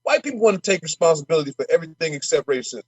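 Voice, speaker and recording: Brash, high-pitched man talking fast and fired up. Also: sing-song, low-quality recording. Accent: Minnesota. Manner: brash, impassioned, repeats words when fired up. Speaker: state representative guest. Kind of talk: casual podcast conversation.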